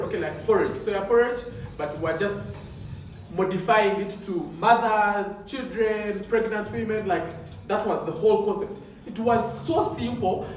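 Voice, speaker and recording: Brief: male competition judge coaching contestants, emphatic and repetitive, heard from a distance in a very echoey hall, faint background hum. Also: high-pitched. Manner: emphatic, repeats points with rhetorical questions. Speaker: poetry competition judge and trainer.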